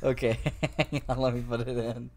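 A young man from the United States co-hosts a podcast in a relaxed, rambling way. His voice sits at an ordinary middle pitch, and he gets animated and laughs often, then trails off into fillers. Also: moderate pace. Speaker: podcast co-host. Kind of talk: casual chat.

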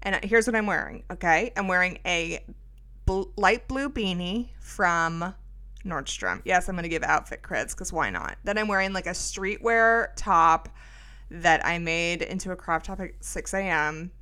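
A middle-aged woman talks through a loose, self-mocking story as a podcast host. Her voice is bright, and her talk is full of fillers and asides. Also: on the low side, animated, unhurried, clean tone. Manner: chatty, rambling, self-mocking, lots of fillers. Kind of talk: casual storytelling monologue.

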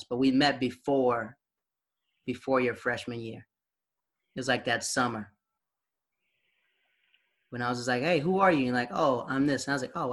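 A man's voice: mid-range voice, fairly bright tone. A young adult man sharing memories in casual chat, rambling, with lots of filler words and frequent laughs.

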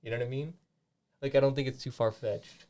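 A man's voice: mid-range voice, fairly even intonation, brisk, mellow. A young man co-hosting a podcast in casual chat, rambling with lots of fillers and restarts, and swearing freely. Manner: frequent swearing. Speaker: podcast co-host.

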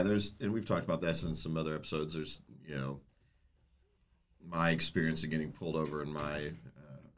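A man co-hosting a casual podcast discussion, talking in halting bursts and repeating words as he starts each thought. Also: very deep voice. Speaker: co-host, former prosecutor.

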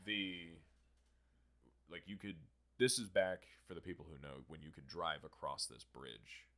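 Deep-voiced, profane young man telling stories. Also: a little slow. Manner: profane, animated storyteller. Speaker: podcast host. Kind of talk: casual storytelling chat.

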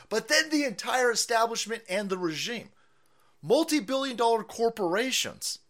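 Man, streamer host, profane rant, mocking, somewhat high pitch, swings into shouting. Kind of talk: ranting political stream commentary.

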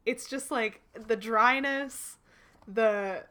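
A woman's voice: a little high, very slow, pushed and bright. A woman co-hosting a podcast, chatting casually and laughing easily about favorite movie lines. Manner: giggly, easily amused. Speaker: podcast co-host. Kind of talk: casual chat.

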